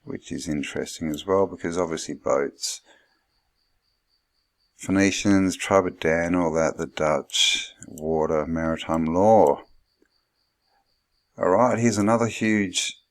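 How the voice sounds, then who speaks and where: Low, gravelly man musing aloud. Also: steady tone, slow, long pauses. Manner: rambling, thinking aloud with many fillers. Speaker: channel host. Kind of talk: musing commentary over old photographs.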